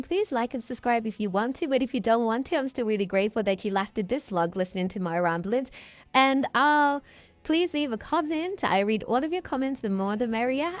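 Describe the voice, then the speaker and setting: A woman talking casually over her game footage, her voice a little high. She rambles, gets excited, apologizes and fills gaps with plenty of "um"s. The sound is close and dry, with no room around it. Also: no echo, lo-fi sound. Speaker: video game builder and creator. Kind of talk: casual voice-over chat over gameplay.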